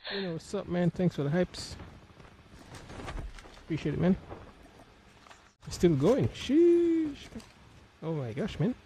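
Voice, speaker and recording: A woman's voice: on the low side, measured pace, long pauses, dark tone, a little hiss or hum. A woman game streamer greeting a viewer, friendly and surprised. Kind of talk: live-stream commentary.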